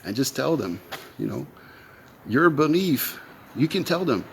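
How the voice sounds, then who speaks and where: A man hosting a solo podcast, explaining ideas slowly and reflectively, step by step. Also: mid-range voice, sing-song, vocal fry, a little hiss or hum. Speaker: podcast host.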